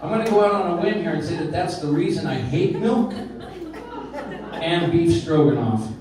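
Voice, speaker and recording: Guy doing stand-up, dry self-mocking jokes, slightly high voice, big echoey room, sounds a bit far off. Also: animated, moderate pace, a loud crowd. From Arizona. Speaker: stand-up comedian. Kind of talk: stand-up comedy set. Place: comedy club stage with audience. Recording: very echoey room, heard from afar.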